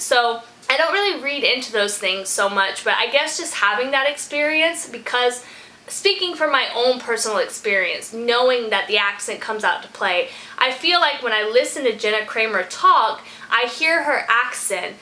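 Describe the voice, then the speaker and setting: A woman hosting a music reaction vlog, rambling and thinking out loud in casual chat, now and then saying "y'all". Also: a little high, poor audio. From from a small country town.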